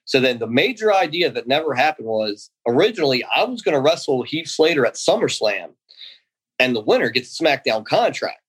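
A medium-pitched man's voice with a breathy edge moves a little fast on a low-quality recording. He's a former pro wrestler in his thirties, a guest in a casual interview, telling long rambling stories with animation and acting out the voices of people he quotes.

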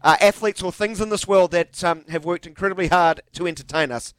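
A man's voice: high voice, brisk, a bit bright, clear, resonant tone, no room sound. A man with a New Zealand accent hosting a sports radio show, chatty and upbeat, reading sponsor lines. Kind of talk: casual radio chat.

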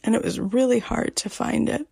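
A woman hosting a podcast, talking softly and emotionally, often dropping almost to a whisper. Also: fairly high pitch, moderate pace, creaky, slightly rough, no echo. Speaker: podcast host. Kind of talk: personal podcast monologue.

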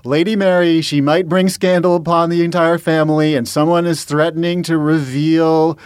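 A man's voice: on the high side, little pitch movement, normal speed, clean tone, no room sound, studio quality. A man co-hosting a podcast in casual chat, wry and rambling, with frequent restarts. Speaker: podcast co-host.

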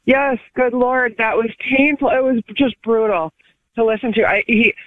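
A woman's voice: fairly high pitch, normal speed, dry recording. Gushing woman caller on a tinny phone. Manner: gushing, exasperated. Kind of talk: phone call to a radio show.

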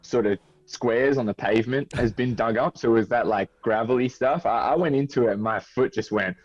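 A man's voice: mid-range voice, fairly quick, no room sound, highs cut off. A man with an Australian accent, a podcast guest, telling a self-mocking story with laughs. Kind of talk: casual interview storytelling.

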